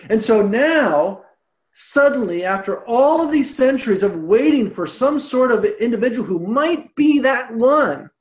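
Animated Bible teacher, dull lo-fi recording. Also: medium pitch, gravelly. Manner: animated, emphatic, slows down on key points. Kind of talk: scripture lecture.

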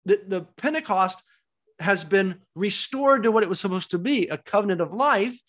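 A man's voice: high-pitched, expressive, normal speed, a bit bright. A man teaching a Bible study class, emphatic, asking rhetorical questions and repeating key words.

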